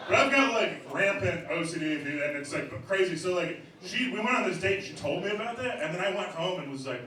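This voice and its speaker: A man's voice: high-pitched, animated, a little fast, few pauses, bright, forceful tone. A young man doing stand-up, telling a long story loosely with many fillers, on stage before a crowd. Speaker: stand-up comedian. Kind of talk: stand-up set. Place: comedy club stage before a laughing crowd. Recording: very echoey, noisy club from a distance.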